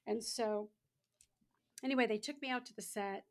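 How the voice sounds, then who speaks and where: A woman in her sixties tells stories as a podcast guest, her voice a little high. She talks casually and animatedly, slipping into the voices of the people she quotes. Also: normal speed. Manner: animated, acts out other people's lines. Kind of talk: casual storytelling.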